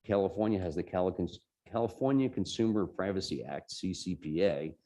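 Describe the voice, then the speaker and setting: A man's voice: deep voice, a little fast, warm tone. A man with a New Jersey accent giving an informal, explanatory talk on tech policy to a user group meeting. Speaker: guest presenter at a computer user group meeting.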